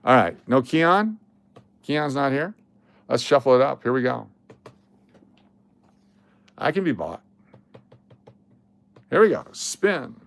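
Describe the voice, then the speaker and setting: A man's voice: medium pitch, very animated, slow pace, gravelly, pauses often. A man hosting a casual livestream, blunt and sarcastic, swearing now and then. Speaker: livestream host.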